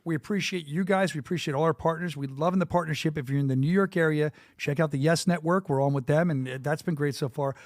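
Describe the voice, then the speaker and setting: Fast-talking enthusiastic male podcast host. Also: on the high side, no room sound, clean studio sound. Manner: quick, enthusiastic, rambling with restarts. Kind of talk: casual podcast chat. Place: studio.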